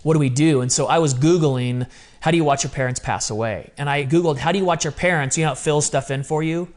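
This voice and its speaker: Guy guesting on a podcast, a bit higher-pitched, earnest and open, tells it straight and quotes himself a lot. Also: steady tone, quick pace. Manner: earnest, open, confessional storytelling; quotes his own past words in dialogue. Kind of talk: candid conversational interview.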